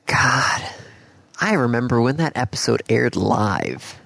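A man chatting casually as a podcast co-host, in relaxed banter. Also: medium pitch, takes it slowly, gravelly, no room sound. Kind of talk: casual chat.

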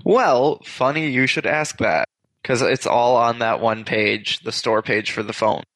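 A man's voice: mid-range voice, unhurried, fairly bright tone, no echo. A man hosts a podcast in easy casual chat, wandering through his points and stopping to correct himself. The sound is dry and close, with no room around it. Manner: rambling, self-correcting. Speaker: podcast host.

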